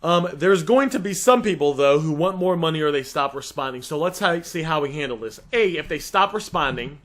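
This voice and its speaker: A man's voice: a little high, lively intonation, fairly quick, fairly bright tone. A young man coaching listeners on a sales script, direct and emphatic, repeatedly calling them guys.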